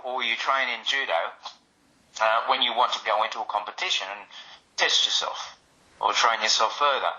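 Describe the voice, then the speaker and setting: Bright-toned man explaining calmly. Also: medium pitch, rough recording. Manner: measured, explanatory, dry humour. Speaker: martial arts instructor. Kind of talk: interview guest, explaining.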